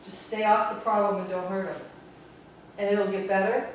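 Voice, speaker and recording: A woman's voice: medium pitch, level tone, moderate pace, slight background noise. A woman with a Bronx New York accent, a Pilates instructor giving a blunt, sarcastic teaching talk to other instructors. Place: Pilates studio. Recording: very echoey room, distant mic.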